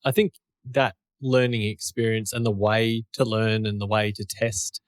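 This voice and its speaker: A man's voice: lowish voice, little pitch movement, unhurried, dry recording, studio quality. A man, co-hosting a casual chat and explaining his thoughts at length with small restarts. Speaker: podcast co-host.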